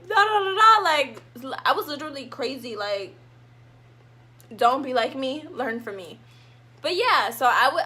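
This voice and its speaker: A young woman vlogger telling a casual storytime, animated, and acting out her own past lines dramatically. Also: on the high side. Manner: animated, dramatic reenactments of herself.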